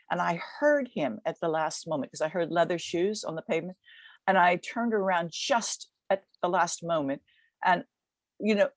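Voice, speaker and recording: Older woman telling a lively story. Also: lowish voice, no room sound. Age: 70s. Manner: vivid, lively retelling with quick restarts. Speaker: guest recounting a race. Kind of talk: storytelling in a podcast interview.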